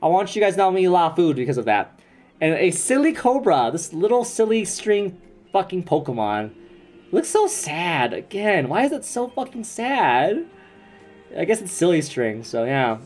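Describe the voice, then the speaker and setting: A young man live-streaming a card pack opening, chatting excitedly with viewers and swearing casually. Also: fairly high pitch, soft background music. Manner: excitable, swearing, quick asides to chat. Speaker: streamer opening trading cards.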